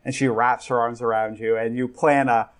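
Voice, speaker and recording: A young man describing scenes as game master, loose and chatty with plenty of "like" and "um". His voice sits at an ordinary, middle pitch for a man, and he talks casually rather than performing. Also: little pitch movement, moderate pace, clear, resonant tone. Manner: casual, rambling with many fillers. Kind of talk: narrating a tabletop game.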